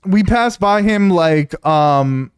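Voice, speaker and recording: A man streaming, telling a story to his chat in a casual, animated, profane way, often repeating himself. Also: high voice, slow pace, clear, resonant tone.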